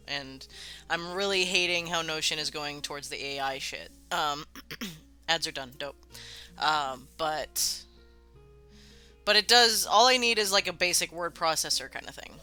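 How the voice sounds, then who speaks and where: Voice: mid-range voice, pushed and bright. A streamer hosting a live worldbuilding show, chatting loosely with viewers and swearing freely. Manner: loose and casual, swears freely, many fillers. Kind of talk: casual live-stream chat, answering viewer comments.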